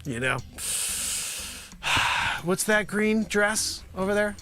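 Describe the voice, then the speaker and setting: A man with a high, bright voice that jumps all over the place, hosting a live improv comedy show. He riffs through a made-up product pitch in a wisecracking way, swinging from loud outbursts to mutters. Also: animated, slow pace, faint music behind.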